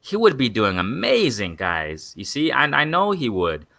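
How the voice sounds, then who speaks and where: A man's voice: mid-range voice, wildly swooping pitch, moderate pace, gravelly, sharp tone. A young man hosting a live boxing stream, rambling and repeating himself as he keeps calling out to his viewers as "guys.". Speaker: boxing channel host. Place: in Mexico.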